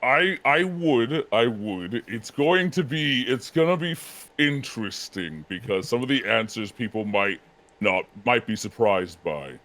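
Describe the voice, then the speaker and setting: A man talking as a guest in casual chat, animated, laughing easily and often correcting himself. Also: mid-range voice, unhurried.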